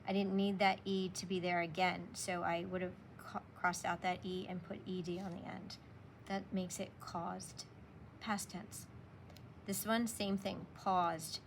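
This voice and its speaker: A woman's voice: lowish voice, slight background noise. A woman teacher walking young children through a spelling lesson, patiently sounding out letters and sounds.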